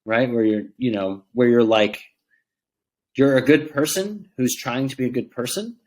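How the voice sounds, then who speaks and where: A man's voice: mid-range voice, moderate pace, darkish tone. A man co-hosting a podcast, thinking aloud in loose, hesitant sentences. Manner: thinks aloud, with many "like" fillers and restarts. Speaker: podcast co-host. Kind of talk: casual podcast chat.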